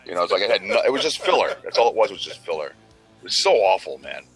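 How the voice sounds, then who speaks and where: Low-voiced male co-host, bright tone, rambling and profane, light music underneath. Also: sing-song, fast, slightly rough. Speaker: podcast co-host. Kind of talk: casual chat.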